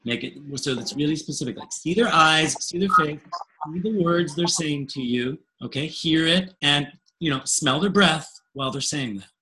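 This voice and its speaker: A man's voice: on the high side, moderate pace, a little hiss or hum, low-quality recording. A man leading a webinar as a coach, talking casually and acting out dialogues with clients. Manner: animated, acts out client dialogue, laughs often. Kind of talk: casual teaching talk.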